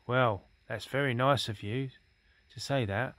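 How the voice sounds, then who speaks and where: A man's voice: medium pitch, fairly bright tone, dry recording, natural voice. A man reading as a pompous old Chief Rabbit. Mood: condescending. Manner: smooth, patronizing, drawn-out. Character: pompous older male Chief Rabbit, condescending.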